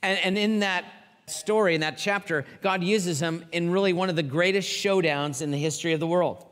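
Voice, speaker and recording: A male pastor preaching a sermon with animated storytelling, acting out the quotes. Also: high-pitched, moderate pace. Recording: long hall reverb.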